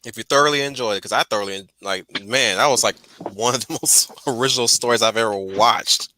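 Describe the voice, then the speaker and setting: A man's voice: mid-range voice, fast, bright, forceful tone. A man hosting a casual chat, laid-back and swearing freely. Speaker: host.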